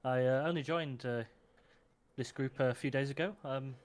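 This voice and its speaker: A man playing Vondra, a curious young woman adventurer, speaking politely with hesitant pauses. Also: mid-range voice, natural voice.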